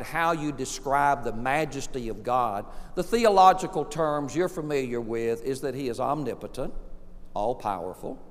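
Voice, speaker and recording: A man preaching a sermon as pastor, animated, with dramatic pauses and swings between soft and loud. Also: a little high. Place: church sanctuary. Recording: long reverb of a large hall.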